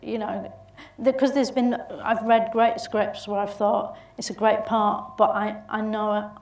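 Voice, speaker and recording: A woman's voice: medium pitch, level tone, measured pace, a little mellow, distant mic, slight background noise. A woman with a Bolton accent, an actress telling stories as a guest in a casual interview, chatty and laughing through her anecdotes. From England. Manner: chatty, laughing storyteller with restarts. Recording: roomy sound from off mic.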